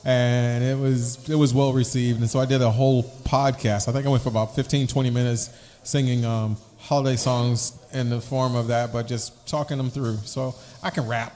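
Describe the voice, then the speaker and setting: A man's voice: medium pitch, flat delivery, normal speed, mellow, slight background noise. Rambling man co-hosting a podcast. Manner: rambling, rhyming wordplay. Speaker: podcast co-host. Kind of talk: casual chat.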